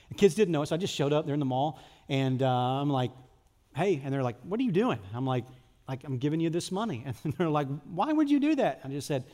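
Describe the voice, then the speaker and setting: A man preaching a conversational sermon, acting out prayers and shifting from lively, loud stretches to soft, intimate ones. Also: mid-range voice, long reverb tail. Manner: conversational, acts out prayers and dialogues, drops to soft intimate tones. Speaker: pastor.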